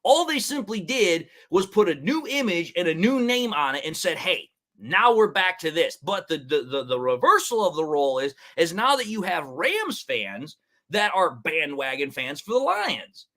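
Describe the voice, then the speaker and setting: A man hosting a sports talk show, his voice sitting high and swinging widely as he rants. He talks in a heated, animated way and keeps circling back to the same point. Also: normal speed. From Detroit area. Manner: animated, heated, repeats "it's like, dude". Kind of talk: ranting sports commentary.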